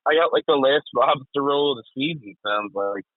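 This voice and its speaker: A man co-hosting a podcast in casual chat, excitable, swearing and laughing often. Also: mid-range voice, normal speed, no room sound. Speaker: podcast co-host. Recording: tinny phone-like sound.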